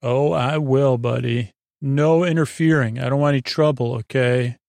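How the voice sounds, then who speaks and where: A man's voice: medium pitch, fairly even intonation, moderate pace, gravelly, a little mellow, no echo, clean studio sound, natural voice. A man voicing the Doctor, an eccentric time-traveling alien, in a casual, offhand way. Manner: casual, offhand delivery with fillers.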